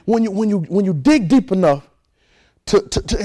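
A man's voice: high voice, animated, normal speed, warm tone, poor audio. A man preaching a sermon, repeating phrases and leading his congregation in call and response.

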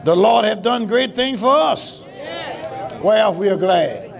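A man pastor preaching a sermon in call-and-response style, breaking into shouts, in a church. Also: high voice, expressive, slow, creaky, a crowd in the background. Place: church sanctuary. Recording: live church with congregation responding.

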